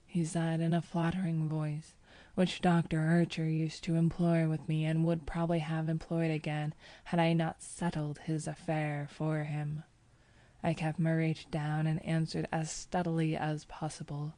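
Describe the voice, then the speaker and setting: A woman reading a first-person audiobook in a measured, even manner. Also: low-pitched, dry recording. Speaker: audiobook narrator.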